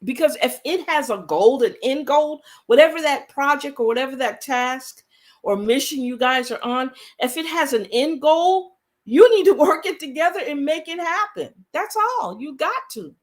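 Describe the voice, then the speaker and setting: A woman's voice: high-pitched, lively intonation, normal speed. Earnest woman talking casually to viewers. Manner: earnest, conversational, repeats points for emphasis. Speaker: vlogger. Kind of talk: casual talk to camera.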